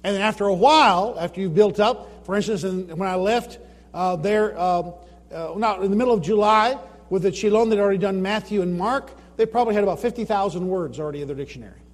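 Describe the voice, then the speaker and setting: His voice is high and fast, trailing a long reverb as he gives an informal presentation about his Bible translation work. He explains things, puts rhetorical questions to the audience, and recounts anecdotes of his own.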